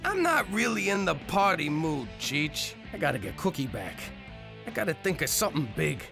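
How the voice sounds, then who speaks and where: A man voicing a hapless cartoon lead in an animated comedy, whiny and self-pitying. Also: a little high, moderate pace, creaky, over music.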